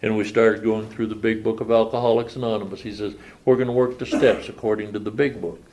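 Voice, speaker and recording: A man's voice: lowish voice, little pitch movement, quick pace, background noise. An older man telling his recovery story at a meeting, plain-spoken and folksy. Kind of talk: personal testimony at a meeting. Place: meeting room.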